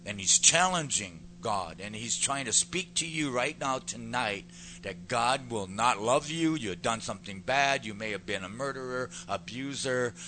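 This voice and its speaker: A man's voice: medium pitch, animated, a little slow, sharp tone, a little hiss or hum. A man preaching a sermon with fervent emphasis, repeating words to stress his points.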